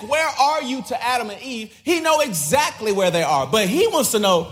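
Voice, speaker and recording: A man's voice: very high voice, very animated, normal speed, few pauses, fairly bright tone. A man preaching as a pastor, in a casual and slangy way, repeating key lines and acting out the voices he quotes. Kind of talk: sermon.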